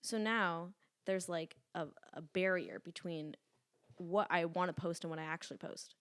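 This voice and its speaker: A woman of about 20 speaks at a lowish pitch and normal speed, with a clean, dry, close sound and no echo. She's a podcast guest and lifting influencer in a casual, candid chat. She tells stories in a chatty, animated, rambling way, saying "like" a lot and swearing.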